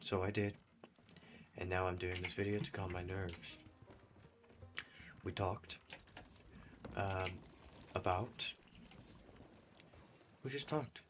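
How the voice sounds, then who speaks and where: A man's voice: low-pitched, fairly even intonation, slow, long pauses. A man chatting casually over his gameplay as a gaming YouTuber, rambling and self-deprecating. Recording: clear keyboard typing noise behind. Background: computer keyboard typing.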